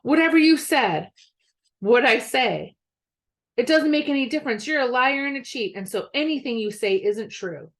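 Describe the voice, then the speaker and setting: A woman voicing a loud, argumentative boy in a storybook reading. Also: high-pitched, lively intonation, normal speed, voice pushed up. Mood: arguing.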